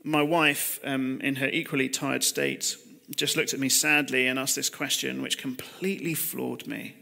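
A man's voice: medium pitch, level tone, moderate pace, vocal fry, sharp tone. A man in his thirties preaching a conversational, confessional sermon over a video call, with rhetorical questions to his listeners. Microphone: computer mic on a video call.

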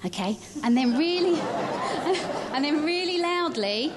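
A woman telling a Bible story during a church service, lively as she directs child volunteers. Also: high-pitched, slow, over a noisy crowd, heavy background noise.

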